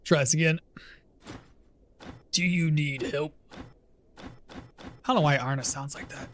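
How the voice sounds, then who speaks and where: A man's voice: fairly high pitch, measured pace, long pauses, fairly bright tone, slight background noise. A man giving casual, rambling gameplay commentary as a streamer, often laughing at himself. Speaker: game streamer.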